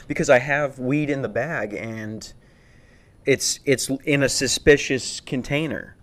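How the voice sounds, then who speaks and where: This podcast host, a young adult man, tells stories in a loose, wandering chat, laughing and cursing frequently and restarting lines as he goes. He speaks at a medium pitch with a measured pace and a slightly bright tone.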